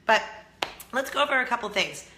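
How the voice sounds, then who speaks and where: A woman from California vlogging in a casual chat to the camera, with a slight Southern drawl and a voice hoarse from a cold. She talks in a chatty, self-mocking way and laughs often. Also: on the high side, expressive, a little fast, echoey room, noisy background. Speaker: vlog host.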